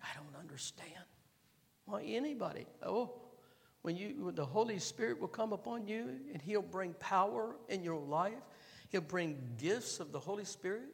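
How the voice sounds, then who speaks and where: A pastor with a high voice delivers a sermon, his tone swinging from quiet to forceful bursts. His voice carries through the long reverb of a large hall. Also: animated, normal speed, creaky. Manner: emphatic preaching, dropping low then building to loud exhortation.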